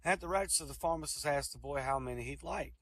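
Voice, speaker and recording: Comic storyteller, male, fairly high voice, animated joke delivery with acted-out lines. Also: fast talker. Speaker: comedian. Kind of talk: joke telling at an online comedy show.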